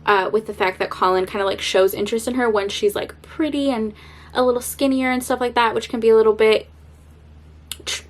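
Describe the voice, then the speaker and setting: Young woman rambling in a vlog, kinda high voice, chatty and animated, laughs a lot. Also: a little fast. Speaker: book vlogger. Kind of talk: casual vlog chat.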